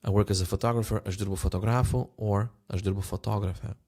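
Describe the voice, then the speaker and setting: Male language teacher, lowish gravelly voice, patient, repeats each phrase. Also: steady tone, fast, a little mellow. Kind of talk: language lesson.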